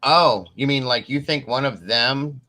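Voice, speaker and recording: A man hosting a casual live-stream chat, relaxed and rambling, often pausing on "um" and laughing. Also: medium pitch, rough recording. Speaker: host.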